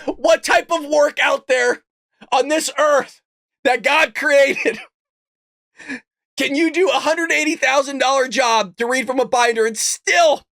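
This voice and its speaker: A man hosting a political commentary livestream, mocking and excitable, often laughing and cursing in disbelief. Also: extremely high pitch, vocal fry, no room sound, clean studio sound. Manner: mocking, excitable, repeats lines. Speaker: show host.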